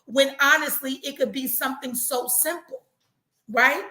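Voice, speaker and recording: A woman hosting a casual live talk, chatty and animated, repeating herself for emphasis. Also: high voice, unhurried, roomy sound. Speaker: host.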